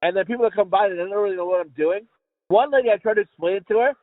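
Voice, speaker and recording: A man's voice: high-pitched, rapid-fire, dry recording. A man in his thirties co-hosting a podcast, telling stories in casual chat and swearing freely. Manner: swearing, animated storytelling. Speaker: podcast co-host. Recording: dry tinny phone-like sound.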